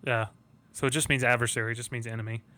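A man with a mid-range voice, co-hosting a casual faith conversation. He speaks earnestly and slows down when he reads scripture. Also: mid-range voice, fairly even intonation, bright, forceful tone. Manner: earnest, reads Bible verses slowly.

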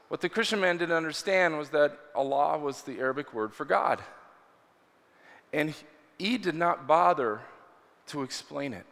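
A man preaching a storytelling sermon in a church hall, earnest and animated as he tells the story. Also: a little high, moderate pace. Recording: reverberant hall.

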